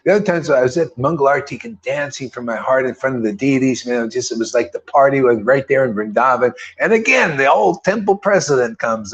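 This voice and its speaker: A man's voice: mid-range voice, breathy edge, dull audio. A man giving a casual, rambling devotional talk with a laid-back manner, often tossing in "man". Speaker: devotional speaker.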